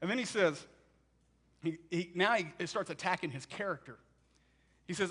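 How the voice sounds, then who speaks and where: A man preaching a sermon, telling the story in an animated way and acting out what people say. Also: sits high, normal speed, pauses often, slightly rough.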